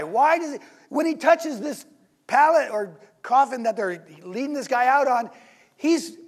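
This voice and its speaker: A man preaching a sermon in church, in a conversational, animated way, often asking his listeners rhetorical questions. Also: very high-pitched, husky.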